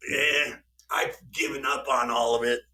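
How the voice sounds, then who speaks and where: A man's voice: medium pitch, fairly even intonation, measured pace, pushed and bright. A man hosting a podcast, telling crude jokes and stories in casual chat. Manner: crude, joking storyteller. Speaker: podcast host.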